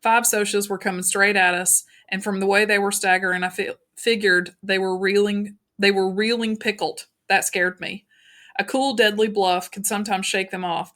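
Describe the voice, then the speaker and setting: A woman reading a novel aloud in an even, unhurried narration with small slips. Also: medium pitch. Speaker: audiobook narrator.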